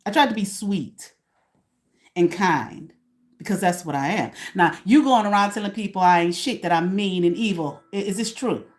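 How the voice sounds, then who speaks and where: Speaking at normal speed in an animated, medium-pitched voice, a woman hosts her own small channel. She rants to camera at someone, swearing and confrontational, and poses questions to herself.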